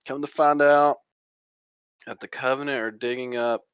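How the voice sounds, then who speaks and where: A man's voice: mid-range voice, steady tone, moderate pace, fairly bright tone, clear, resonant tone, no echo, lo-fi sound. A man co-hosting a casual gaming podcast, rambling and restarting his sentences with fillers as he recaps. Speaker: podcast co-host.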